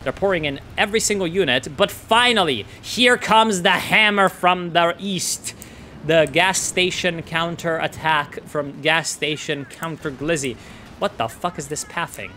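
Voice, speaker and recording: A man casting a strategy game in casual, excitable commentary, swearing and ranting at the players. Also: a little high, a little slow, slight background noise. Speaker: game caster.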